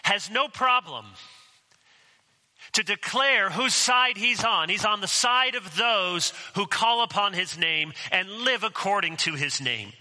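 A man's voice: high-pitched, lively intonation, a little slow, pushed and bright, in a large hall, rough recording. A man preaching a sermon as pastor, conversational and mixing in humorous asides.

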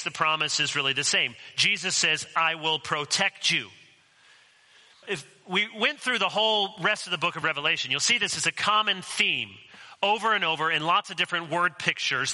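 A man's voice: on the high side, bright, forceful tone, long reverb tail, low-quality recording. A man preaching a sermon as pastor, conversational and mixing in humorous asides.

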